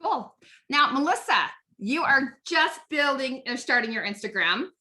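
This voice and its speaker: A woman's voice: high voice, expressive, a little slow, sharp tone. A woman coaching a live online group on network marketing, chatty and upbeat, often asking "right?".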